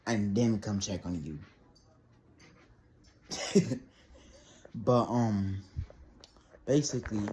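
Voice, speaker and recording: A teenage boy rambling through a casual story, animated and laughing often. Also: lowish voice, a little hiss or hum. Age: teens. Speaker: vlogger.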